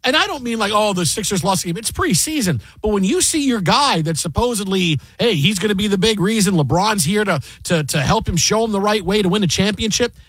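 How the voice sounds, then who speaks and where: A man co-hosting a sports radio show, talking casually and mocking a player's play with animated, exasperated commentary. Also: sits high, brisk, hardly any pauses, breathy edge, dry recording.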